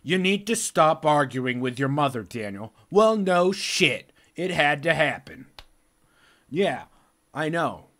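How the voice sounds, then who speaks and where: Animated, profane ranting man. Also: a little high, takes it slowly. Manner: animated, profane, rambling and repetitive. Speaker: vlogger. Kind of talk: casual storytelling rant.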